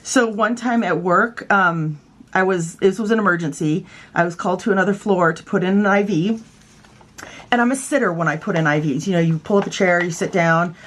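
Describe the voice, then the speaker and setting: A woman's voice: on the low side, a little fast. A woman from California casually telling funny stories about her old work, chatty and self-mocking. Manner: chatty, playful, self-mocking, fond of doing voices. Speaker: vlogger, former nurse. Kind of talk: casual storytelling.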